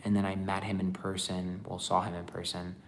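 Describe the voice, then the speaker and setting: A man's voice: low-pitched, completely flat delivery, brisk, a little hiss or hum. A man chatting casually on a livestream as a tarot reader, rambling with lots of fillers.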